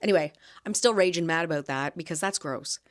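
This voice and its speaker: A woman's voice: low-pitched, a little fast. Chatty woman telling market stories. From Canada. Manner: chatty, animated storytelling with laughs and many "like" fillers. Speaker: podcast host and market vendor. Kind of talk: casual chat.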